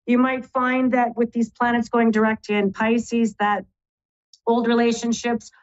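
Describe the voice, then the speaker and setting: A woman's voice: on the high side, flat delivery, a little slow, dull audio. A woman hosting a live radio horoscope forecast, chatty and affectionate, rattling off lists of keywords sign by sign. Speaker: psychic astrologer host.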